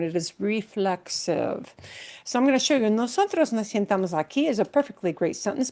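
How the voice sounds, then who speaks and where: A woman's voice: mid-range voice, darkish tone. A woman Spanish teacher explaining grammar to her class patiently, step by step, with everyday examples.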